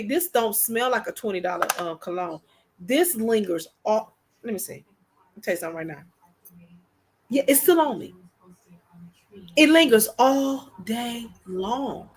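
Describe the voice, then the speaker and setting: A woman hosting a casual livestream, chatty and excitable. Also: sits high. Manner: chatty, excitable, drawls and laughs. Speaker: livestream host.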